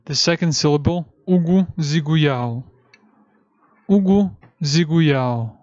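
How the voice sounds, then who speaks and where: A man with a fairly high voice lectures at a very slow pace, drawing out chanted syllables and pausing to cue each breath in and out. The recording is dry and dull, with a muffled top end. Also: fairly even intonation, clear, resonant tone, no echo. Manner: repeats syllables slowly, cues breathing in and out. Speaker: esoteric teacher.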